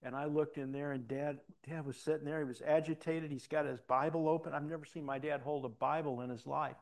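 A man's voice: fairly high pitch, fairly even intonation, brisk. An older man, a pastor, preaching a sermon in a conversational storytelling way with frequent restarts.

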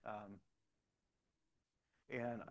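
A man who is both a pastor and a police officer, telling his stories in an animated way, acting out the dialogue and often repeating words as he starts a sentence. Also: lowish voice, extremely slow. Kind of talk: storytelling testimony.

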